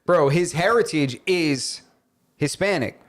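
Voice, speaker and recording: A man co-hosting a podcast, telling a story in an animated casual way and saying "bro" often. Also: on the high side, slow pace. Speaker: podcast co-host. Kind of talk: casual chat.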